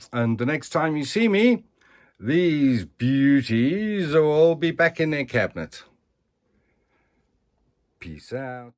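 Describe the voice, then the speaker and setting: A man in a casual collector's vlog talks at an unhurried, slow pace with a middling pitch. He rambles in a chatty way and keeps tagging his sentences with "eh?". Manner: rambling and chatty, with tag questions like "eh?". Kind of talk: casual show-and-tell vlog.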